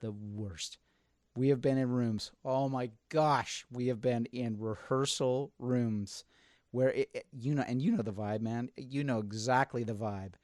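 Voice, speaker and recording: An animated man hosting a podcast, telling stories and slipping into the voices of people he quotes. His voice sits in a middle pitch, and the recording is close and dry with no room sound. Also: a little slow, no room sound. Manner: animated storyteller, acts out quotes. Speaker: podcast host. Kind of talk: casual chat.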